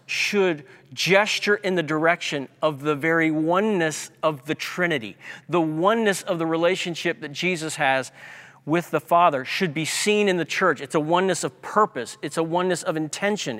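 Guy preaching in a church, kinda high voice, hammers words over and over, echoey hall. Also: a bit bright. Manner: emphatic, repeats key words. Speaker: pastor. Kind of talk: sermon. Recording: long hall reverb.

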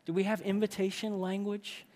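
A man's voice: high voice, flat delivery, normal speed, darkish tone. A man preaching a sermon to a group of men, emphatic and full of rhetorical questions.

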